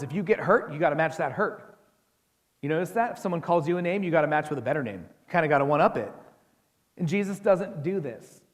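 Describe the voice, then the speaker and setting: An American man preaching to his congregation in an easy, conversational way, often turning to ask them questions. His voice sits a little high for a man. The sound carries a long reverb from the church hall. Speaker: pastor. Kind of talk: sermon.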